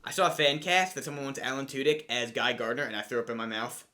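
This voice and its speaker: A man's voice: medium pitch, quick pace, bright, forceful tone. A man chatting casually on a podcast, tossing in jokey asides.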